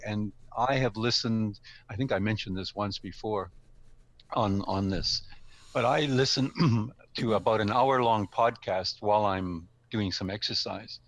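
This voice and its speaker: A man's voice: fairly low pitch, fairly bright tone. A conversational man giving speaking advice. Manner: conversational, with frequent ums and self-corrections. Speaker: guest speaker, speaking coach. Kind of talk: casual instructional talk. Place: live stream studio or room.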